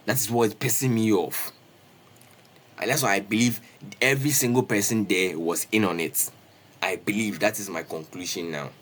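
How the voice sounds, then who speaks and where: Young man, streamer, lively casual storyteller, repeats himself, slangy. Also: lowish voice, moderate pace. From Ghana. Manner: animated, repetitive, peppers talk with "bro" and "Charlie".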